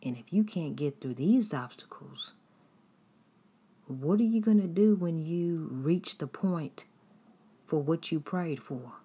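A woman with a low, husky voice gives an earnest devotional sermon. She speaks slowly and deliberately, pressing her points with exhortation. She often drops into hushed, half-whispered phrases. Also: lively intonation. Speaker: preacher.

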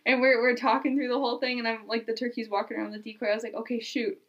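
A woman guest on a podcast, chatting casually as a lively storyteller. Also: a little high, rapid-fire, highs cut off. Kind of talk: casual chat.

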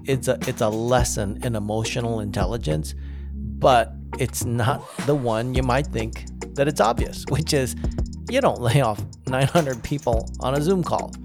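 A man giving casual spoken commentary on leadership, emphatic and climbing higher in pitch as he presses a point. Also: unhurried, over music. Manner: emphatic, rises in pitch when making a point.

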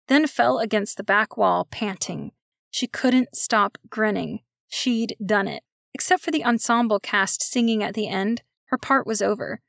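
A woman's voice: fairly high pitch, vocal fry, no room sound. Woman narrating a story, dry close sound. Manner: steady, expressive storytelling.

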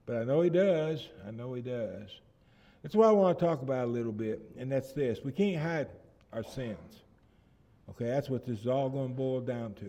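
Mellow-voiced preacher man. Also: medium pitch, lo-fi sound. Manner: halting restarts, swells loud and slow on scripture. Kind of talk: sermon.

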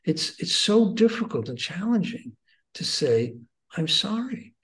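A man's voice: high-pitched, unhurried. Earnest older man telling a personal story. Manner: earnest, reflective, shifts between excited and hushed. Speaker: guest teacher.

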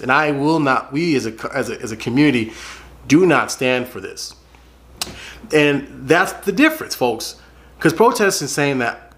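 A man's voice: mid-range voice, a bit bright. A man giving earnest spoken commentary to his viewers, repeating phrases for emphasis and calling them folks. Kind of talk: casual spoken commentary to camera.

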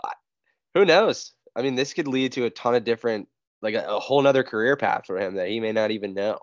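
Relaxed young male co-host, slightly muffled dry recording. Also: medium pitch, fast talker, no room sound. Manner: laid-back, laughing, drifts quieter. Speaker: podcast co-host. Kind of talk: casual podcast banter.

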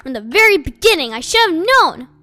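A woman's voice: very high-pitched, animated, moderate pace, pushed and bright, no echo, exaggerated voice. A woman reading an audiobook, voicing a teenage boy who rages and accuses his friend. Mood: furious. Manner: raging, accusing, sputtering.

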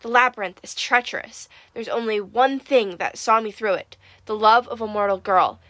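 A woman's voice: fairly high pitch, normal speed, a bit bright, no room sound, lightly acted. A woman voicing a dazed teenage ghost with a dry, papery voice. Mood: hollow.

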